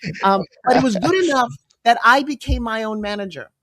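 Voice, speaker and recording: A middle-aged woman being interviewed as a guest, telling her stories in a lively, emphatic way with quick asides. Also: fairly high pitch, over a noisy crowd. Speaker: guest, entrepreneur and pitch coach. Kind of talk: animated storytelling interview.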